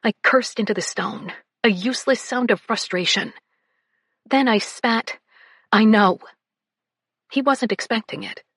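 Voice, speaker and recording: A woman narrating a first-person romance audiobook, breathy and often slipping into whispers. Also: fairly high pitch, moderate pace, a bit bright, no room sound, clean studio sound.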